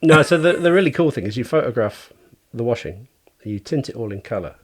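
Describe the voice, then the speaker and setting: A man's voice: medium pitch, animated, fairly quick, husky. A man, a light artist, chatting as a podcast guest, enthusiastic and rambling, with many restarts. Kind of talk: casual interview chat.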